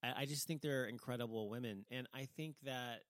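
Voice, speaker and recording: A man's voice: medium pitch, fairly quick, a bit bright, no echo. A man giving a casual opinion monologue, rambling and heated, swearing freely and restarting his sentences a lot. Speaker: vlogger. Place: lives in Dallas, Texas.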